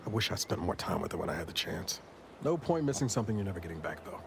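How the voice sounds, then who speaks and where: A weary, wry space agent. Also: male voice, low voice, very animated, quick pace, gravelly, background noise, full character voice. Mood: wistful. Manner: dry, wry and reflective. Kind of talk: game dialogue. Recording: game audio with music behind.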